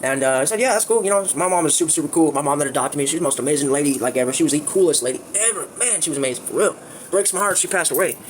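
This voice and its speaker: A man's voice: fairly high pitch, racing, a little hiss or hum. A man telling a crude, rambling story in casual livestream chat, full of fillers.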